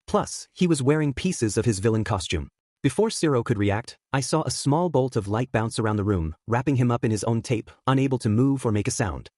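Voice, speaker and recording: A man reads a first-person story aloud, steady and even. His voice sits at a middle pitch, and the recording is dry and close. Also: fairly quick, no echo. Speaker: fanfiction narrator.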